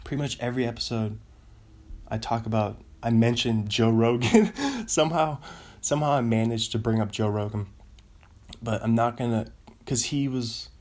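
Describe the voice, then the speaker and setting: A man's voice: mid-range voice, normal speed, darkish tone. A man hosting his own show, chatting casually on his own, rambling and laughing at his own jokes. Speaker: podcast host. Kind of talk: casual solo chat.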